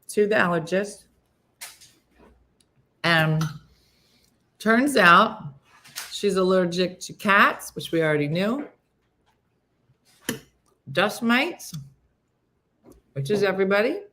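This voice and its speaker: A woman in her fifties hosting a casual morning show, telling a story with animated delivery and acting out her friends' voices. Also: fairly low pitch, a little hiss or hum. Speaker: host.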